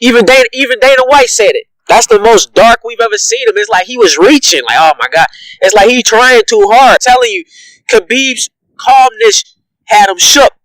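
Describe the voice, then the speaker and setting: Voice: mid-range voice, lively intonation, normal speed, a bit bright, no echo, rough recording. A reaction vlogger giving heated, profane commentary, ranting with repeated emphatic jabs and frequent laughter.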